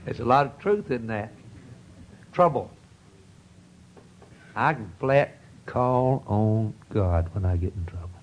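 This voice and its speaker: A man's voice: on the low side, lively intonation, slow pace, long pauses, highs cut off, a little hiss or hum. A man preaching a sermon in a folksy, earnest storytelling manner, with rising outbursts.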